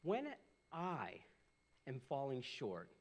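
A middle-aged man, a pastor, preaching a sermon, animated and swinging from loud bursts to hushed lows. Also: slow, gravelly, breathy edge.

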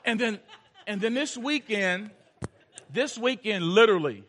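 A man preaching a sermon, telling a story and shifting between loud urgency and hushed, intense passages. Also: high voice, expressive, unhurried, long pauses. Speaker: pastor.

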